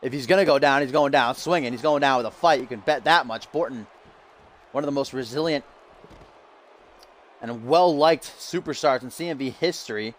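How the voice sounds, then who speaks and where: A man doing play-by-play wrestling commentary, hyping the match with dramatic, drawn-out rhetorical questions. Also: medium pitch, poor audio.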